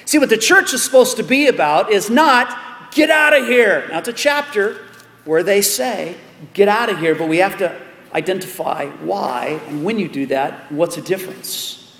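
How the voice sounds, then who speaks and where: A man preaching a sermon as pastor, animated, with joking asides and repeated words. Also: high-pitched, moderate pace. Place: large church hall. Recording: echoey hall with long reverb.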